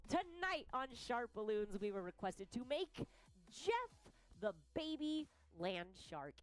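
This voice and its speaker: A woman's voice: fairly high pitch, big pitch swings, slow. A woman hosting her balloon art stream, chatting casually in a playful, gushing way. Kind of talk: casual chat.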